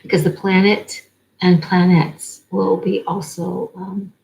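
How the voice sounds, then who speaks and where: A woman's voice: on the low side, little pitch movement, slow, vocal fry, darkish tone, low-quality recording. A woman giving an oracle card reading in a rambling way, stringing words together in long lists. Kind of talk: spiritual card-reading monologue.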